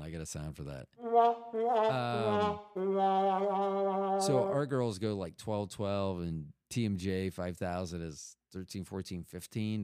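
A man's voice: sits low, darkish tone, clear, resonant tone, no echo, clean studio sound. A middle-aged man telling a rambling, profane story in casual talk, often cutting himself off. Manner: rambling, profane, self-interrupting.

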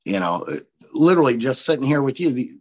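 A man's voice: mid-range voice, very animated, fast talker, lo-fi sound. A man in his forties from Missouri, a coach and speaker telling stories in a casual podcast interview, laughing often. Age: 40s. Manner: chatty storyteller, laughs often.

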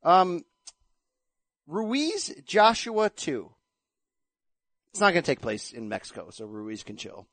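A man's voice: a little high, very animated, takes it slowly, long pauses, fairly bright tone, dry recording. A man hosting a casual boxing chat show, joking and bantering with his co-host. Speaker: podcast host.

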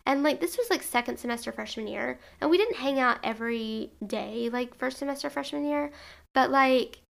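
A young woman in her twenties with a fairly high voice that keeps dropping into vocal fry. She tells a personal story in a casual, rambling way, piling up fillers and restarts. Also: moderate pace, fairly bright tone. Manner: rambling, filler-heavy with frequent "like".

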